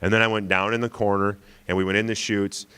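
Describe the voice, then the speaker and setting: A man's voice: fairly low pitch, level tone, quick pace, bright, forceful tone, clear, resonant tone. A man in his forties giving a storytelling lecture to an audience, conversational and self-deprecating, often asking "right?". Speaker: guest lecturer.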